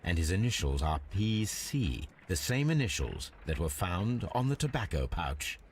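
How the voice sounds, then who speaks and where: Sherlock Holmes, a deep methodical detective. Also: male voice, very animated, slight background noise. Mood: brisk. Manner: measured, precise questioning. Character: cool, methodical male detective, adult. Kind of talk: video game character dialogue.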